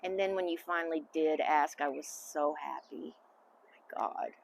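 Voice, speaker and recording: A middle-aged woman, answering interview questions as a mother in a candid, halting, emotional way. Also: deep voice, vocal fry, slight background noise. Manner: candid, halting, emotional, trailing off into soft asides. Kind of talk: casual family interview.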